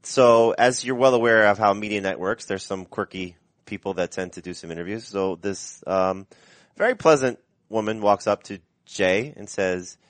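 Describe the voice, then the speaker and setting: A man co-hosting a sports podcast, telling an anecdote in a relaxed way. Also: fairly low pitch, moderate pace, no room sound. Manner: relaxed storyteller, with fillers. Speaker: podcast co-host.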